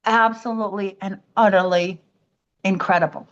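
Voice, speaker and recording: A woman's voice: mid-range voice, normal speed, muffled recording. A woman from the United States, a podcast guest telling a personal story and acting out the voices of other people. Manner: animated storytelling, acts out quoted voices.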